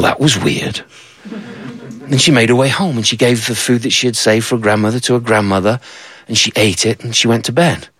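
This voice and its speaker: A man's voice: on the low side, fairly bright tone, husky, no echo. A man telling a folktale aloud, with conversational asides to the listener. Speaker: storyteller. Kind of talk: told folktale.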